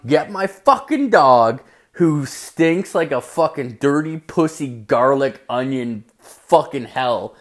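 A man telling a long story at home late at night, swearing constantly and acting out what people said to him. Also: medium pitch. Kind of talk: rambling profane story rant.

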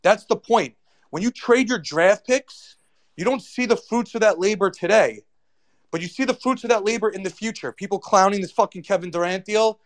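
A ranting man with a high voice. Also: moderate pace. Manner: ranting, profane, emphatic. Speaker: sports show panelist. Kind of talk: sports rant.

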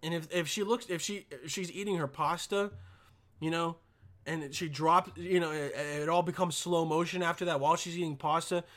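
A young man rants in a high, bright voice, swearing freely and tripping over repeated words. He keeps pressing for agreement with "all right?" and "okay?" as he goes. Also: steady tone, normal speed. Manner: stumbling repetitions. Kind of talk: casual profane rant.

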